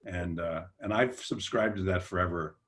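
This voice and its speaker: Older male humor writer, very low voice, rambling self-deprecating anecdotes on a panel. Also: normal speed, a bit bright. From United States. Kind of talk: relaxed anecdotal storytelling.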